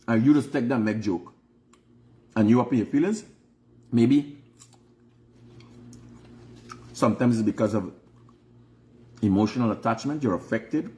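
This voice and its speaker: A Guyanese vlog host delivers a casual monologue of frank, sermon-like life advice, repeating phrases for emphasis. He speaks in a mid-range voice with a darkish tone.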